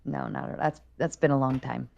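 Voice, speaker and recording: A woman's voice: very deep voice, steady tone, brisk, gravelly, lo-fi sound. A woman on a livestream reading viewer messages aloud in a dry, exasperated way. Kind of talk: livestream chat.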